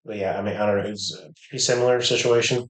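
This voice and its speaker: Guy streaming poker, lots of ums, mutters low, kinda echoey room. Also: steady tone. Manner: halting, thinking aloud with many ums, mutters quietly. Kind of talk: casual commentary while playing online poker.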